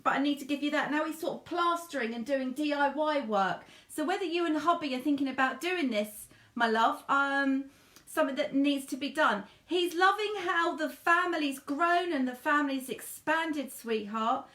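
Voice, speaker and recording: A woman's voice: sits high, normal speed, roomy sound. A woman doing a live medium reading, chatty and gushing, calling viewers darling and honey. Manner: warm, chatty, endearments to viewers; gushing, repetitive phrasing. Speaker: psychic medium.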